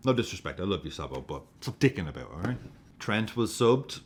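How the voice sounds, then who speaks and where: A man reviewing a football match, excitable and sweary, often breaking into laughter as he gushes. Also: low-pitched, brisk, slight background noise. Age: adult with a young daughter. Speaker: football fan vlogger.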